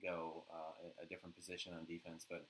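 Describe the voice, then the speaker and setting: A man co-hosting a sports podcast in casual chat, relaxed and steady as he leads each segment. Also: low voice, fast talker, slight background noise, poor audio. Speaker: podcast co-host.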